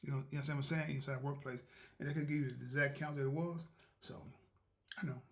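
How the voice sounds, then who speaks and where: The host talks fast in a medium-pitched voice with fairly even intonation. Hosting a motivational show, he delivers a casual monologue: a folksy, meandering story about doing right, plus words of spiritual encouragement.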